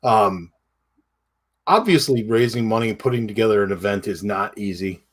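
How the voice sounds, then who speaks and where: Male podcast co-host, lowish voice, casual and halting, full of fillers. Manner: halting, many fillers and restarts. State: tearful. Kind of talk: casual chat.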